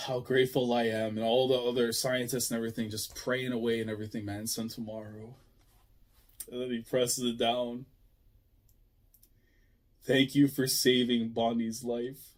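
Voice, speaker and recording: A young man hosting an emotional reaction review of a comic chapter, excitable and slangy, swinging from hushed murmurs to near shouts. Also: mid-range voice, moderate pace, pauses often. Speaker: channel host reviewing a manga chapter.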